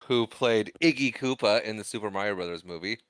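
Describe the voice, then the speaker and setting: A man on the low side talks briskly in a clean, slightly bright tone as co-host of a casual movie podcast. Laughing often and self-deprecating, he reads the credits aloud, with no echo on the audio.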